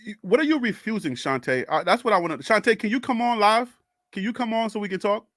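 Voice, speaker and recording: A man with a Liberian English accent argues on a live stream in a high, sharp voice. He is animated and exasperated and keeps repeating his questions. The sound is dry and close. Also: fast, no room sound. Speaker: sports talk live-streamer. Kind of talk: live stream, answering chat comments.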